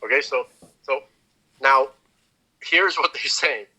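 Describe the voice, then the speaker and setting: A man with a background talks through an idea in relaxed podcast chat, stumbling and repeating words as he thinks. His tone is very bright and sharp, at an ordinary pitch. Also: slow pace, slightly rough, rough recording. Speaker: podcast co-host. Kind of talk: casual chat.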